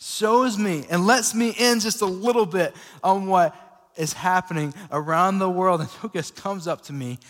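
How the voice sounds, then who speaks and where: High-voiced young pastor in a reverberant hall. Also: male voice, moderate pace. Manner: casual, energetic storytelling with many fillers. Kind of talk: sermon, personal testimony. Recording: long reverb of a church hall.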